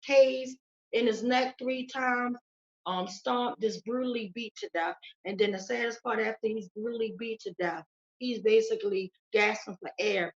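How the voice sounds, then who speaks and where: A woman's voice: a little high, steady tone, normal speed, lo-fi sound. A woman guest giving urgent, emotional testimony in an interview, pleading and repeating phrases. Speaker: interview guest, victim's sister.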